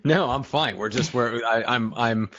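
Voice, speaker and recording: A man co-hosting a podcast, putting questions to the guest in a halting, restarting way. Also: mid-range voice, lo-fi sound, noisy background. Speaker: co-host. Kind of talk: casual interview questions.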